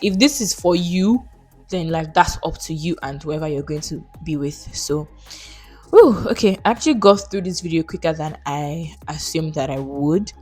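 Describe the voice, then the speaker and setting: A young woman chats straight to camera, answering viewer questions. She is frank and opinionated, with a voice pitched a little low. Faint music plays underneath. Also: animated, normal speed, a little mellow, husky. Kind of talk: casual Q&A vlog.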